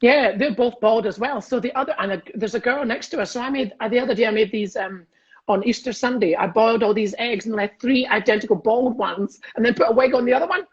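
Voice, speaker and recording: Scottish guy chatting on a video call, husky voice, kinda muffled lo-fi sound, giggles a lot. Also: very high voice, fast talker. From Scotland. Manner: cheeky, chatty, laughs often. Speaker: comedian guest. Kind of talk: casual chat on a video call.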